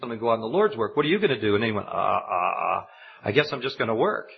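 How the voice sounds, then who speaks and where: A man preaching a sermon, telling a personal story and building to high, emphatic exhortation. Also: lively intonation, racing, vocal fry. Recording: dull lo-fi recording.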